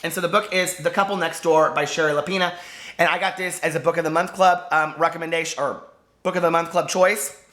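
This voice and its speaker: A man chatting to camera as a book vlogger, gushing and full of fillers, hoarse from losing his voice. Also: a little high, fairly even intonation, fairly quick, fairly bright tone. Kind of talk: casual chat to camera.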